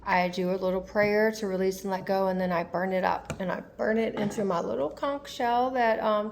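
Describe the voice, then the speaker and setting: A woman's voice: mid-range voice, creaky, a little mellow, slight background noise. A young woman talking candidly in a personal vlog, rambling and confessional with lots of fillers. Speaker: tarot vlogger.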